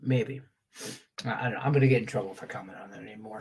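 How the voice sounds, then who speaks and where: A man's voice: medium pitch, fast, husky. Blunt, profane middle-aged man. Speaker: sports betting handicapper. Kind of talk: casual betting-picks show talk.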